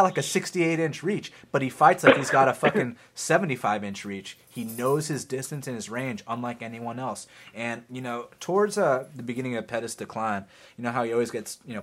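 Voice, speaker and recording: An excitable man chats about upcoming fights in a loose, profane podcast style. His voice sits at a middling pitch and he leans hard into his points, swearing freely as he argues his picks. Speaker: podcast co-host. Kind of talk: casual fight-betting chat.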